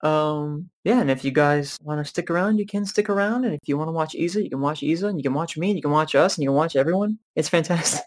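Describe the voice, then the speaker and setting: A man's voice: on the high side, fast, hardly any pauses, slight background noise. A man co-hosting a casual Q&A chat, joking around, laughing often and restarting his lines. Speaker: co-host of a Q&A chat.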